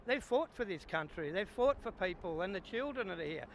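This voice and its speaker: Australian man, high gravelly voice, earnest, repeats himself, outdoor street recording. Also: lively intonation, a little fast, fairly bright tone, a little hiss or hum. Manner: earnest, repetitive, says mate a lot. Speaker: rally participant. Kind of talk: street interview. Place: outdoors at a city street rally.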